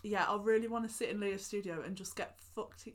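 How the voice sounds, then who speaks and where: A young woman, co-hosting a casual podcast chat, animated and laughing, swearing casually. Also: medium pitch, a little fast, slight background noise. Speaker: podcast co-host.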